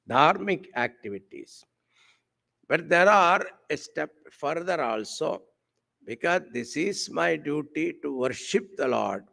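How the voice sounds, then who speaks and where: A man delivers a spiritual discourse at an unhurried, measured pace. His voice carries a gravelly, creaky texture. He sprinkles Sanskrit terms through the talk and keeps drawing the audience in with rhetorical questions. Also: mid-range voice, a bit bright. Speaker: swami giving a spiritual discourse. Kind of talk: devotional sermon with a told story. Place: camp hall with a live audience.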